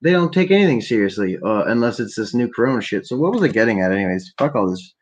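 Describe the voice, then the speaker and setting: Very animated and quick, this Canadian podcaster has a lowish, somewhat dark voice. Alone at home at night on his laptop, he rants and rambles stoned, swearing all the time and staying quiet for the neighbors.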